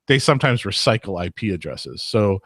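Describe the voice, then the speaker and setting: Blunt low-voiced male co-host. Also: very animated, a little fast, a bit bright. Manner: blunt, opinionated, chatty. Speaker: podcast co-host. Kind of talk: casual live-show chat.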